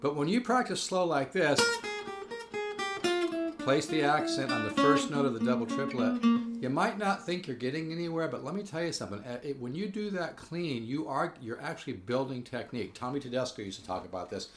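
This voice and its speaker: A man's voice: medium pitch, animated, a little fast. Earnest male guitar teacher in echoey room. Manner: earnest, enthusiastic, repeats himself and restarts. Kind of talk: casual spoken guitar lesson.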